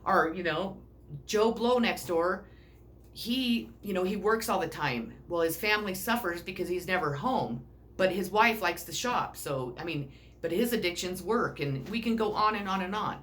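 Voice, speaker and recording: A woman's voice: on the low side, lively intonation, moderate pace, a bit bright, a little hiss or hum. A middle-aged woman giving a casual self-help talk, blunt and rambling, swearing freely. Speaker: personal growth speaker.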